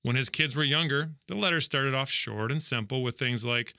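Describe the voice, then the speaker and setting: Bright earnest man reading scripture. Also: medium pitch, moderate pace, smooth, dry recording, studio quality. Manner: conversational, earnest, lightly joking. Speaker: devotional speaker. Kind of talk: Bible reading and devotional reflection.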